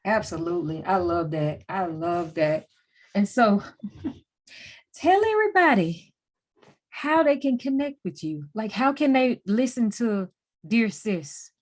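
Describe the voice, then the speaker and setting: A woman's voice: mid-range voice, expressive, takes it slowly. A woman hosting a podcast in a casual chat, often chiming in with agreement. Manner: affirming, chimes in with frequent agreement. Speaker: podcast host.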